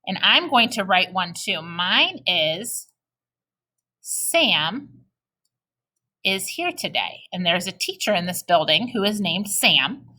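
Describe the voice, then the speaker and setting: Bright-voiced woman teaching young children. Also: fairly low pitch, animated. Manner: slow, exaggerated modeling of reading aloud; patient, encouraging talk to young children. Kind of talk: recorded early-grade reading lesson.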